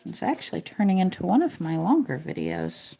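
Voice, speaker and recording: Woman vlogger, low mellow voice, relaxed chatty coloring narration. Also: a little fast, gravelly, slightly rough. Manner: relaxed, chatty, self-deprecating. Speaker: coloring video creator. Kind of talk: casual narration while coloring.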